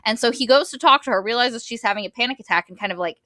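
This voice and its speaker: A woman's voice: fairly high pitch, rapid-fire, bright, forceful tone, no room sound, clean studio sound. A woman co-hosting a book podcast, casually and animatedly recapping a plot and acting out the characters' lines. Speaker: podcast co-host.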